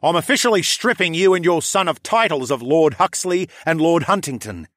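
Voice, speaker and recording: A man's voice: a little high, lively intonation, normal speed, fairly bright tone, no echo, studio quality, voice pushed up. A man doing an icy young noble. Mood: menacing. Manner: icy, clipped, authoritative. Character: young male noble, cold and commanding.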